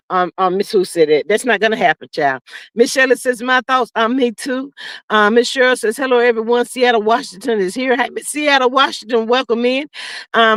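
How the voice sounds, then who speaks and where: A woman hosting a casual livestream with a high, bright voice. She drawls and reads out comments with sassy, preachy asides. The close microphone sounds dry, with almost no room around it. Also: no echo. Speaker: livestream host.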